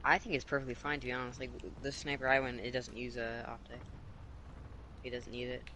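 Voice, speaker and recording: A man's voice: medium pitch, level tone, fairly quick, pushed and bright, a little hiss or hum. A man on voice chat with friends, bluntly arguing his opinions about a game. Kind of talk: casual gaming chat.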